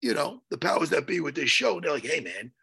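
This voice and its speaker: A man telling a story on a podcast in a casual, animated way, swearing and loudly acting out what people said. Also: fairly high pitch, quick pace, vocal fry, breathy edge. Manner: animated, swearing, acts out his own quotes loudly. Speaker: podcast co-host.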